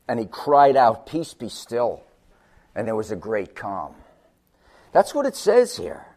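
A man preaching a sermon, moving between loud urgent peaks and quiet, low passages. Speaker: pastor.

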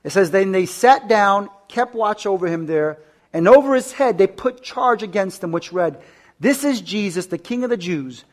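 A man's voice: high-pitched, expressive, normal speed. A man preaching a sermon, reading scripture aloud, questioning his listeners and repeating key words for emphasis, with frequent stammered restarts.

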